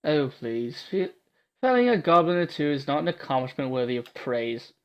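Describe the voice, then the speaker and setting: A man's voice: a little high, expressive, normal speed, dull audio, close to an everyday voice. A man voicing a bossy swordswoman, Scottish. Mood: curt. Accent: put-on Scottish. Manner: brusque, commanding. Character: gruff tough woman swordswoman, blunt and bossy. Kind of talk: reading a visual novel aloud.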